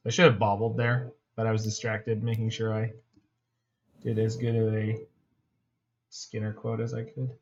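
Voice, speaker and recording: A man's voice: fairly low pitch, flat delivery, moderate pace, long pauses, highs cut off, a little hiss or hum. A man from Canada, giving casual, joking commentary as a streamer while he plays and answers chat.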